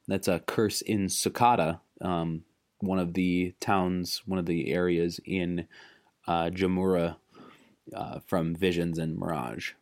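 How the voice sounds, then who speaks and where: A man's voice: sits low, fairly even intonation, takes it slowly. A man hosting a podcast, talking casually and thoughtfully, with fillers and restarts. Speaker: podcast host.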